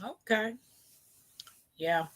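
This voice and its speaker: A woman's voice: mid-range voice, extremely slow, a bit bright. A woman, hosting a casual chat and teasing her guest with frequent laughs. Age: 40s. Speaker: show host.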